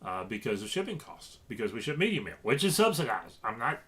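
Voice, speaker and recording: A man's voice: medium pitch, very animated, a little fast, a bit bright. A man from Louisiana chatting casually to camera about reselling, rambling with many fillers and restarts. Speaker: reseller vlogger.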